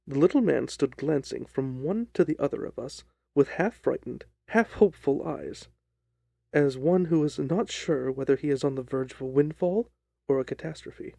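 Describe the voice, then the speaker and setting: Brief: male storyteller, measured, gravelly and mellow, dry close mic. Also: on the high side, no room sound. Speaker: narrator. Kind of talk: scripted narration of a detective story.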